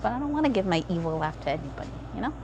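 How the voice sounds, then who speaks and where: A woman's voice: fairly low pitch, big pitch swings, very fast, background noise. A woman playing through a game story, reading it aloud with casual, self-deprecating asides. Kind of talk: casual commentary while reading game text.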